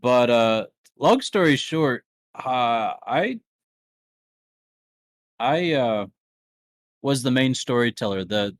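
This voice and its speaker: A man co-hosting a casual chat podcast, halting with many fillers and laughing often. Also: medium pitch, expressive, no echo. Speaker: podcast co-host.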